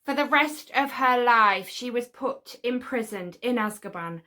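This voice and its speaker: A woman hosts a laid-back fan channel vlog in a high, bright voice, chatting informally at an unhurried pace. Every so often she bursts into excited asides, and her tone remains light and sharp the whole way through.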